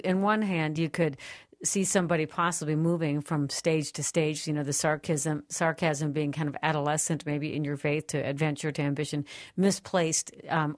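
A woman's voice: low voice, dry recording, clean studio sound. A woman hosting a radio talk show, enthusiastic and affirming toward her guest.

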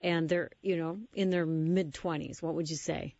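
A woman's voice: deep voice, steady tone, moderate pace, a little mellow, no room sound. A woman hosting an interview, reacting briefly and asking direct questions. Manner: responsive, asks direct questions. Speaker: radio show host. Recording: dry, dull lo-fi sound.

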